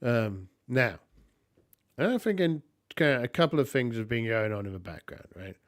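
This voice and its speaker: A man thinking aloud through a solo tabletop game, halting and muttering as he counts. He talks slowly at a mid pitch. The sound is dry and close on a desk mic. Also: lively intonation, no echo. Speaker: solo tabletop player and narrator.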